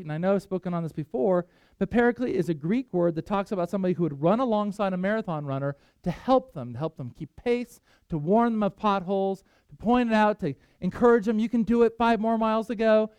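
Guy preaching, pretty high voice, chatty and earnest, pokes fun at himself, dry sound. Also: fairly quick, darkish tone, clear, resonant tone, no room sound. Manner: earnest, conversational preaching with self-deprecating asides. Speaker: pastor. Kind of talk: sermon.

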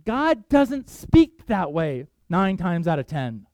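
A male pastor preaching a sermon, telling Bible stories with animated voices for the characters. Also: takes it slowly, dry recording. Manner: animated storytelling, voices Bible figures, pitch jumps for excitement.

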